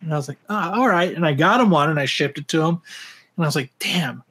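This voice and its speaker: A man with a high-pitched voice tells stories in a casual podcast chat. He rants in an animated way and swears constantly. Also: fast talker, husky. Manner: profane, animated ranting storyteller.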